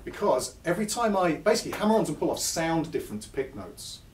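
A man's voice: fairly high pitch, big pitch swings, fast talker, slight background noise. A man giving a chatty, self-deprecating live guitar lesson to an audience in a music store. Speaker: guitar clinician. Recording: echoey shop recorded from far off, with guitar. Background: guitar playing between phrases.

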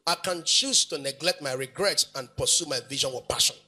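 A man's voice: fairly high pitch, a little fast, bright, forceful tone. A male pastor, preaching emphatically in a sing-song way, repeating phrases and asking the congregation questions. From Nigeria. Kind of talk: preaching sermon.

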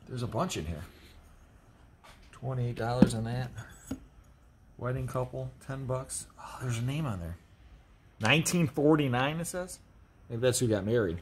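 A man, an auctioneer, giving casual, joking commentary while unboxing, with excited exclamations. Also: medium pitch, normal speed, long pauses. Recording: noisy background with crinkling.

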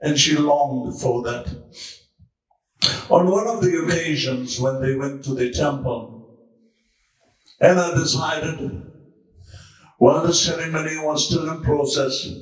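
High-voiced male preacher, slow dramatic telling, far off in a very echoey church. Hushed one moment, shouting the next. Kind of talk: dramatic storytelling sermon. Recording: very echoey room, far from mic.

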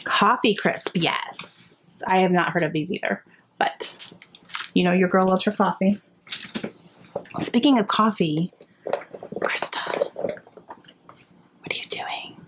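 A young adult woman in casual, excited chat as she unwraps gifts for her book vlog. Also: mid-range voice, unhurried, long pauses, noisy background. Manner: excited and chatty, gasping and laughing often. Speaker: book vlogger.

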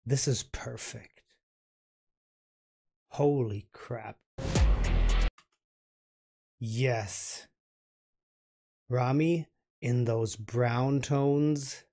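A man hosting a reaction video, gushing and halting as he comments, often repeating his words. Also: medium pitch, dark tone, soft background music.

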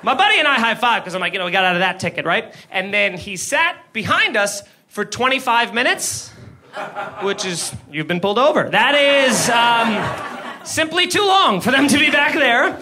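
A man doing an animated, self-deprecating stand-up comedy set on a comedy club stage, using a handheld mic. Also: very high voice, normal speed. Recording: live club with ambient crowd noise.

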